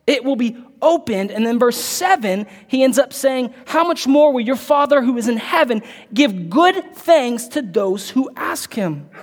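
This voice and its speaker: A man preaching a sermon as pastor, emphatic and repetitive, swinging from loud, drawn-out lines to hushed, close asides. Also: very high voice. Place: church. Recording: church hall with long reverb.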